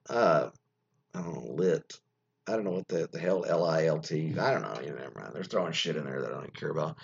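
A man's voice: a bass voice, lively intonation, fairly quick, creaky, slightly rough. A man hosting a radio show in casual solo talk, rambling with many fillers and salty asides. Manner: rambling, loses his thread, lots of fillers and asides; mocking, profane asides. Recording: dull lo-fi sound.

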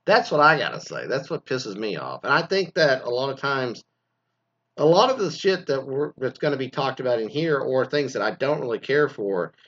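A man's voice: medium pitch, a bit bright. A man ranting casually on a podcast, profane and rambling, full of fillers, on a dull lo-fi recording. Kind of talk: casual rant.

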